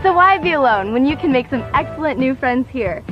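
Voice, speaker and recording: A bubbly teenage mutant girl pitches her school in a retro commercial. The audio is dull and lo-fi, with loud music playing underneath. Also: animated, fairly quick. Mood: peppy. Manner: peppy sales pitch. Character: upbeat young female mutant student in a school ad. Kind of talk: 1980s style advertisement.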